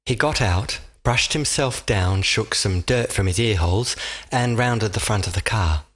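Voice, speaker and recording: Measured male storybook narrator. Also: on the low side, fairly bright tone, slightly rough. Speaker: audiobook narrator.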